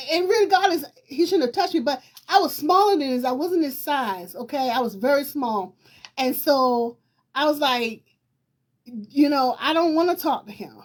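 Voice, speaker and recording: A middle-aged woman from Virginia hosts a talk show and tells a personal story straight to her viewers. Her voice sits high, and her telling is lively and emphatic. Laughter often breaks into her words. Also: normal speed.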